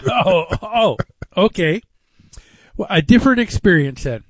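Talk radio host man, chatty, fillers, fairly high voice, dry sound. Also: animated, unhurried, dry recording. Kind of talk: radio talk show hosting and read ads. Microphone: studio microphone.

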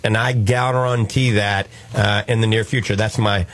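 Folksy New Orleans radio host. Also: male voice, fairly low pitch, flat delivery, normal speed, a bit bright. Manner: folksy, reassuring, chatty with laughs. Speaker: radio talk show host, doctor. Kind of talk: call-in radio talk.

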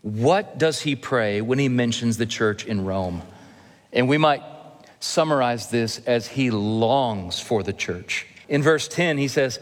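A male pastor delivering a sermon in an earnest, measured way, with touches of gentle humor. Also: mid-range voice. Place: church sanctuary. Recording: long reverb of a church hall.

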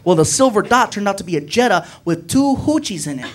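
Stand-up comic, male, high voice, animated storyteller, noisy stage recording. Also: a little fast. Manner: animated, jokey, acts out friends' voices. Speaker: stand-up comedian.

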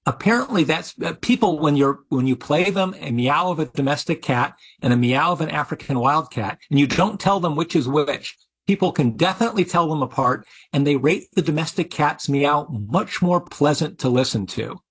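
Husky middle-aged male professor explaining. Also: on the high side, lively intonation, normal speed, hardly any pauses. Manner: explanatory, with frequent restarts. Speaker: evolutionary biologist and professor. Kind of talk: interview answers.

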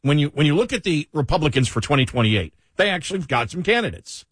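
A man's voice: fairly high pitch, very animated, fast, fairly bright tone, slightly rough, dry recording, clean studio sound. A man with a Buffalo accent co-hosting a talk radio show, chatting casually and leaning on fillers. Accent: Buffalo, New York. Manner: chatty, leans on fillers, laughs often. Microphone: studio microphone.

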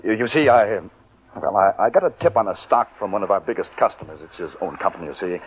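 An actor playing a scheming young office manager who talks smoothly but stammers when cornered, in 1940s radio acting. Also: male voice, on the low side, lively intonation, fast, slight background noise, natural voice. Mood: flustered. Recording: phone-like old radio recording.

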